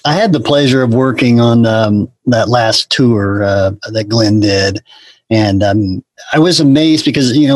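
A man who works in concert marketing and PR, speaking casually with many ums and quick asides. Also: medium pitch, no room sound. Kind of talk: casual chat.

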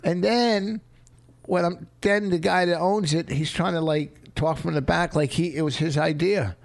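A man's voice: a little high, fairly even intonation, a little slow, vocal fry. A man comedian telling meandering stories on a podcast, rambling and restarting. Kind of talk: casual podcast storytelling.

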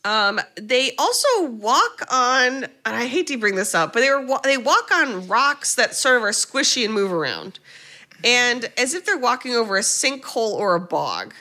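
A woman's voice: fairly high pitch, sing-song, moderate pace, pushed and bright. A woman co-hosting a podcast, recapping a movie in a playful, rambling way with jokey asides. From United States. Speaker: podcast co-host. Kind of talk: casual comedic movie recap.

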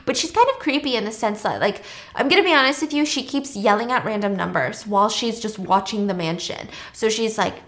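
A woman's voice: mid-range voice, animated, fairly quick, few pauses, fairly bright tone. A woman casually retelling a film's plot with chatty, slangy asides and laughs. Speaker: storyteller host.

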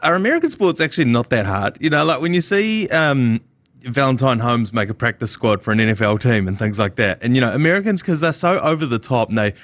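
A man co-hosting a casual sports podcast, joking and acting out quick skits. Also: mid-range voice, expressive, fairly bright tone, no room sound. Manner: jokey, banters and acts out quick skits. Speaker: podcast co-host.

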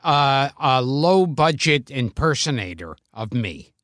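A man co-hosting a casual chat, talking in a slow, halting, self-deprecating way. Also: medium pitch, big pitch swings, fairly bright tone, no echo, clean studio sound. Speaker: podcast co-host.

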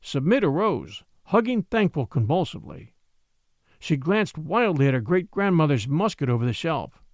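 A man narrating a classic short story, reading in an expressive, measured way. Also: on the high side, no room sound, clean studio sound. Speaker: narrator and podcast host.

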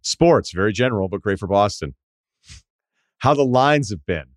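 A man hosts a casual studio podcast, his low voice swinging up and down with lively intonation as he reads a listener's email. He breaks in with wry, profane asides and tangents, close to a dry, deadened mic. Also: moderate pace, dry recording. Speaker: podcast host.

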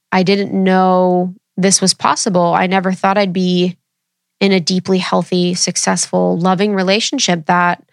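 A woman's voice: on the low side, dry recording, clean studio sound. A woman in her thirties chatting candidly with her viewers, casual and swearing freely. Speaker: vlogger.

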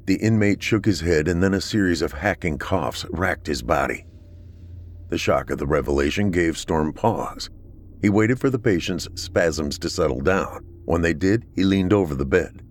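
Deep-voiced man reading a story. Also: animated, normal speed, a little hiss or hum. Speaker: narrator.

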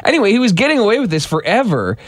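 A man's voice: high voice, very animated, fairly bright tone, dry recording. A man co-hosting a radio show, telling a news story in a casual joking way. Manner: jokey, drawn-out storytelling.

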